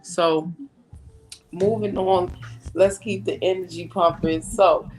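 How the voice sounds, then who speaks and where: Woman, panel host, casual online chat, slow unhurried delivery, laughs often. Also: on the low side, steady tone, a little mellow, faint music behind. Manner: slow, drawn-out, laughing storyteller.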